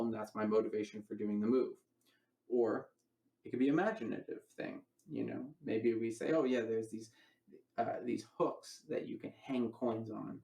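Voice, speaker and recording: A man with a gravelly voice gives a casual magic lecture. He rambles, restarts phrases and talks through moves as he demonstrates them. The room around him is echoey. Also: lowish voice, mellow, distant mic, dull audio.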